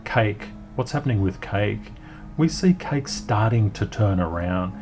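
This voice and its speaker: A man's voice: on the low side, expressive, measured pace, music in the background. A man hosting an upbeat market chart commentary, talking in an encouraging way and cheering the charts on. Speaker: crypto market analyst host.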